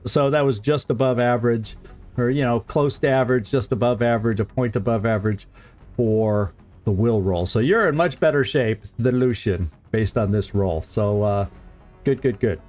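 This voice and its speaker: This gaming streamer offers relaxed let's-play commentary on a strategy game in a medium-pitched, somewhat dark voice. He talks to his viewers casually, frequently chuckling and repeating words while he reasons aloud.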